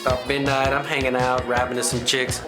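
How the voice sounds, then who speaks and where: A man's voice: medium pitch, monotone, a little fast, over loud music. A man hosting a comedy reenactment show, telling a true story in a chatty, rambling way full of asides. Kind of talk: comedic first-person storytelling.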